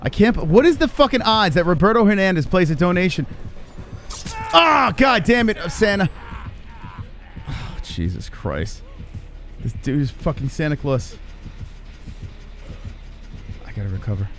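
A man giving live commentary on his own gameplay, swearing and reacting in excitable panic. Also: on the high side, moderate pace, faint music behind. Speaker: streamer.

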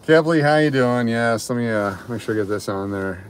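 Parked in a garage, this livestream host talks a little fast at medium pitch over slight background noise. He keeps his live chat loose and rambling, calling out viewers by name as he goes.

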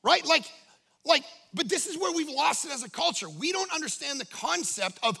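Animated high-voiced gravelly male preacher. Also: normal speed, soft background music. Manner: animated, jokey, acts out quoted voices. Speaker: pastor. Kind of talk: humorous sermon storytelling.

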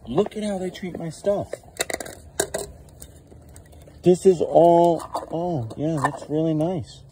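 A man's voice: fairly high pitch, takes it slowly, dark tone, slight background noise, low-quality recording. A man filming his damaged belongings outdoors on a rainy night with a handheld phone, ranting in an angry, exasperated voice and swearing constantly. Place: outdoors at home at night in the rain.

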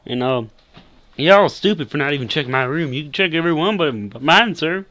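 A man's voice: on the high side, lively intonation, fairly quick, bright, forceful tone, pitched above the performer's own voice. A man voicing a cocky southern character in a put-on American Southern accent, boastful and drawling.

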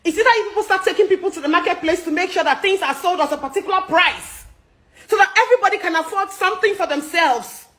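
A Ghanaian woman with a strikingly high voice rants about the cost of living. She is loud, fearless and fiery, cursing freely as she speaks. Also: quick pace, low-quality recording. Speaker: social media commentator. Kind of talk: angry political rant.

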